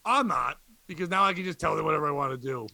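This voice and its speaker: A male comedian cohosting a podcast rambles and jokes in casual chat. His voice is high and bright, and the sound is dry and close. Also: animated, fast talker, gravelly, no echo. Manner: rambling, joking.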